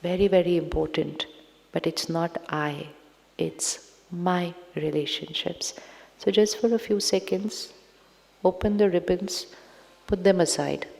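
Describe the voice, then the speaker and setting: A woman giving a spiritual talk to an audience, speaking slowly, repeating phrases and asking listeners questions. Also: on the low side, fairly even intonation, vocal fry, darkish tone. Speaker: spiritual teacher. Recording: long hall reverb.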